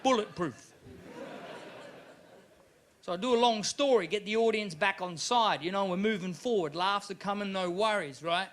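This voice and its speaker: Bright-voiced Australian stand-up comic. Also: male voice, high-pitched, a little fast, few pauses. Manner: animated, jumps into loud character voices. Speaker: stand-up comedian. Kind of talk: live stand-up comedy. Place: comedy club stage.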